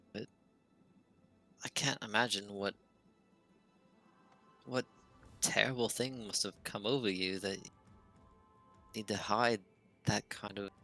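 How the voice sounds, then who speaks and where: A man playing a wizard in a tabletop game, talking in character in an earnest, halting, curious way. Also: lowish voice, vocal fry, sharp tone. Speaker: player. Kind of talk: in-character tabletop role-play.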